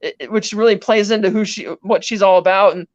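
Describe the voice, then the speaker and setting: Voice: mid-range voice, fairly even intonation, fast talker, no echo, lo-fi sound. A podcast co-host casually recapping a film scene by scene, in a chatty, rambling way full of "he's like" asides. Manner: rambling, chatty retelling with many "he's like" quotes.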